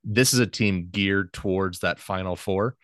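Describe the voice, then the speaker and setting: Low-voiced male co-host, dry close mic, confident opinionated sports talk. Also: measured pace, a bit bright, no echo. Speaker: podcast co-host. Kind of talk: casual sports podcast chat.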